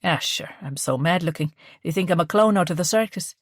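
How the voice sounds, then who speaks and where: Audiobook figure: a gentle, soothing male photographer, read by a woman, lowish voice. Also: a little fast, no room sound, studio quality, lightly acted.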